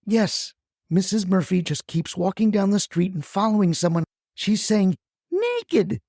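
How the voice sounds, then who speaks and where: A woman's voice: fairly even intonation, normal speed, mellow, no room sound, studio quality, close to an everyday voice. A performer voicing a frantic, gossiping neighbor woman who panics while reporting to a dispatcher. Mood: alarmed. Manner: breathless, panicky, shrill.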